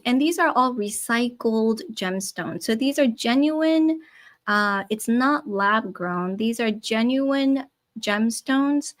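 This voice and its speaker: Slow, soft-spoken woman livestream host. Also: mid-range voice. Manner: soft-spoken, unhurried, admiring, with frequent ums. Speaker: livestream host, jewelry designer. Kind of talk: live sales stream, reading viewer comments.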